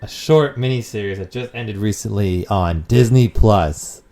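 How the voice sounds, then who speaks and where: A man co-hosts a laid-back podcast in a low, mellow voice. He rambles from one thought to the next, swears casually, and keeps the chat loose. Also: a little slow. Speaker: podcast co-host.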